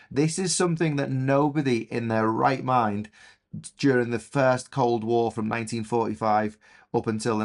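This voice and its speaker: Enthusiastic English male history teacher. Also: mid-range voice. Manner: enthusiastic, chatty, many fillers. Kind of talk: recorded revision lesson.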